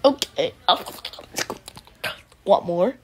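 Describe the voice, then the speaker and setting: A woman's voice: on the low side, lively intonation, very slow, dull audio, slight background noise. A woman improvising a goofy skit, playfully switching between silly voices and bursts of nonsense sounds. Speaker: video creator. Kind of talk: goofy improvised play-acting.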